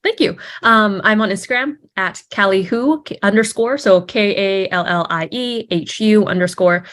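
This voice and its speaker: Young actress guest, bubbly and giggly, mid-pitch, loose chatty delivery. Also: female voice, moderate pace, fairly bright tone. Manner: bubbly, giggly, lots of fillers and restarts. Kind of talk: casual interview chat.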